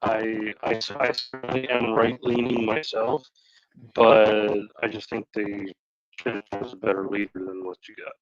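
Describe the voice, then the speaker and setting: Slow-talking male guest on a muffled call. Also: fairly low pitch, level tone, a crowd in the background. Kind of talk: casual chat on a call. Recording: dull, muffled call audio.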